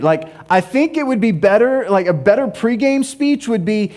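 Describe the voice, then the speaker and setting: High-voiced man preaching a lively sermon. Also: brisk, hardly any pauses. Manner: animated, humorous, repeats phrases for emphasis. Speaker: pastor. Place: church sanctuary.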